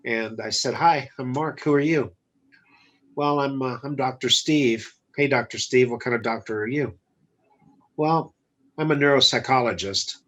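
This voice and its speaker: A man's voice: mid-range voice, moderate pace. A man, a business guest, telling a personal story in a casual interview, bluntly acting out the dialogue. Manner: blunt, animated retelling with quoted dialogue. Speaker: guest entrepreneur.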